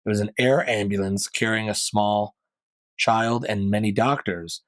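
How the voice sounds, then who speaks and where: A man's voice: lowish voice, fairly even intonation, a little slow, no room sound. Rambling, chatty male podcast host. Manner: rambling, conversational, with frequent fillers and asides. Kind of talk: casual solo commentary.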